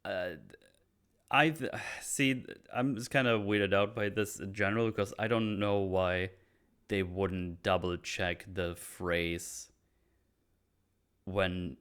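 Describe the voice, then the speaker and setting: A man hosts a loose, late-night podcast about a film. His voice sits low, and he walks through scenes in a relaxed way, chuckling as he goes. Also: takes it slowly, clean tone. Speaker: podcast host. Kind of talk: casual film-breakdown chat.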